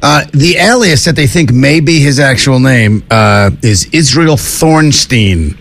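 A man's voice: medium pitch, unhurried, vocal fry, a bit bright, a little hiss or hum. A man co-hosting a comedy podcast, brash and sarcastic, cracking crude jokes. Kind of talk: casual comedy podcast banter.

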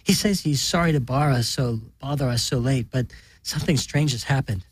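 Husky deadpan male narrator. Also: medium pitch, brisk, dry recording. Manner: deadpan, matter-of-fact. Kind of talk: deadpan story reading.

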